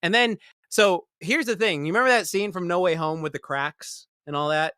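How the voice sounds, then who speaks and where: Casual podcast host, male, slightly high voice, profane and rambling, dry close sound. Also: moderate pace, smooth, no room sound. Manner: profane, rambling, animated retelling with mocking quoted voices. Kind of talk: casual movie review chat.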